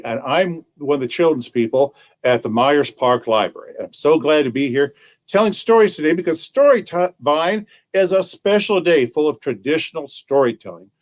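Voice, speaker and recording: Animated storytelling man, lively pitch. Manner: animated, playful, asks the audience questions. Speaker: children's librarian. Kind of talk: interactive storytelling to camera.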